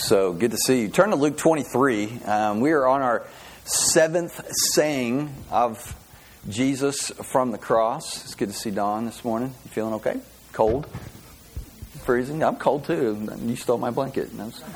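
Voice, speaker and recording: Man in a pastor role, mid-pitched voice, easygoing conversational preaching, lots of "you know" and restarts. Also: measured pace, slight background noise. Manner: relaxed, chatty storytelling with frequent fillers and restarts. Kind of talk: casual sermon to a small congregation.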